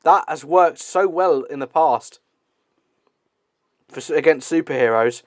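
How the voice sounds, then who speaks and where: A man's voice: on the high side, a little slow, no room sound, clean studio sound. A man giving casual movie commentary, laughing often and swearing freely. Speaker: film commentator.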